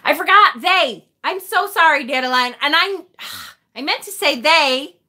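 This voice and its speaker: Bright, high-voiced chatty woman livestreaming. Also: lively intonation, unhurried. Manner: chatty and self-deprecating, laughs often, swears casually. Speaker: tarot reader hosting a livestream. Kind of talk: casual livestream chat, reading viewer comments.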